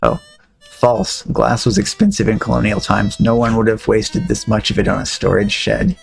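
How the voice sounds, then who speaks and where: A man's voice: fairly low pitch, normal speed, gravelly, husky, soft background music. A man playing through a game on a stream, chatty and joking as he reads on-screen text. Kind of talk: let's-play commentary.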